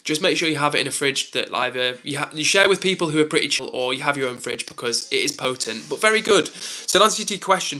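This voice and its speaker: A man's voice: on the high side, animated, fast, pushed and bright, faint music behind. A young man on a live stream, chatting casually and reading out comments with lots of "like" and "um".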